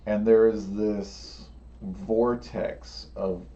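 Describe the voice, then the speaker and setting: A man runs a tabletop game, narrating slowly and evenly. He laughs often between rules calls. The recording is dull and lo-fi with a faint hum of room noise. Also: medium pitch, a little mellow, distant mic. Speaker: game master.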